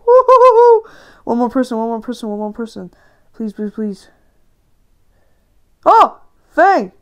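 With a fairly high, fairly quick voice whose highs are cut off, a woman hosts a gaming channel. She gives live, excitable commentary while playing, often ranting and shouting in frustration.

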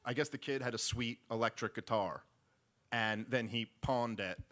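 A man's voice: mid-range voice, moderate pace. A man telling a long comic story on stage, rambling and acting out the voices of the people in it. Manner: rambling, animated, acts out voices. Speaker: stand-up comedian. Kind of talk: stand-up storytelling. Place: live event stage.

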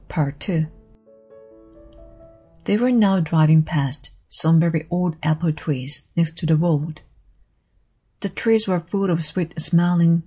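A woman reading a storybook aloud slowly and carefully for learners. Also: fairly low pitch, dark tone, husky. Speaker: reader of a storybook.

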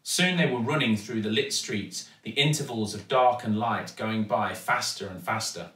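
A man with an English accent reading a children's storybook aloud with steady, expressive storytelling. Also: lowish voice, moderate pace, distant mic. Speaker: actor reading a children's book. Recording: echoey room, voice from off-mic.

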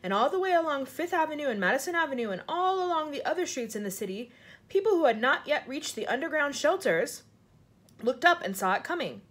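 A woman reading a children's book aloud, with expressive, dramatic storytelling. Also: sits high, fairly quick. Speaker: storybook reader.

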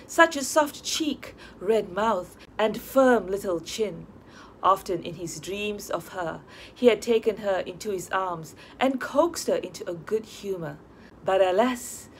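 A woman narrating an audiobook of a short story, reading in a measured, expressive way. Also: mid-range voice, a little hiss or hum.

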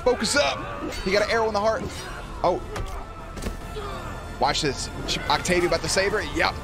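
Man, reaction host, casual, profane, excitable, fairly high voice, very lively pitch. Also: moderate pace, creaky, music in the background. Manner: excitable, profane, cheers the screen on.

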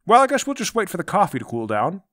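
Bright-voiced guy blustering in character at a tabletop game, dry close sound. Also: sits high, wildly swooping pitch, fast talker, dry recording. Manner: brash, blustering, jokey. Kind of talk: in-character tabletop role-play.

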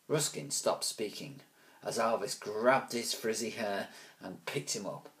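Regular guy reading a kids book out loud, easygoing with little side comments. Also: lowish voice, measured pace. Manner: relaxed, chatty asides between passages. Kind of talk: casual read-aloud storytelling.

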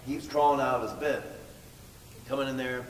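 A man preaching a storytelling sermon, pressing his points by repeating words. His mid-pitched voice carries through a big church hall. It sounds like it was picked up from a distance, with a long reverb tail and faint noise underneath. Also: little pitch movement, fairly quick. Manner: emphatic, repeats words for stress. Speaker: pastor.

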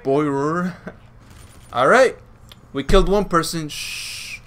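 A man giving playful, teasing commentary over his own gameplay, laughing often and breaking into excited yells. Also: fairly high pitch, slow pace, slight background noise.

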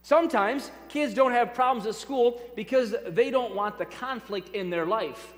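A man with a high, bright-pitched voice preaches a sermon to his congregation. He speaks emphatically, hammering home key phrases through repetition and dropping in light asides to the crowd. His voice rings out with a long reverb through a church sanctuary. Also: moderate pace. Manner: addresses congregation directly, light humor. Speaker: pastor.

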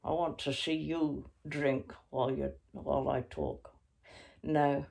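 A woman's voice: low voice, steady tone, takes it slowly, gravelly, darkish tone. A woman ventriloquist chatting playfully and wryly with her puppet at bedtime. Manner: playful, wry, teasing. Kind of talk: casual bedtime comedy chat.

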